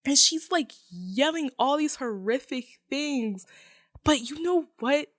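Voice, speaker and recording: A woman's voice: high voice, expressive, slow, no echo, clean studio sound. A woman guest on a movie podcast, animatedly retelling film scenes in casual chat and swearing freely.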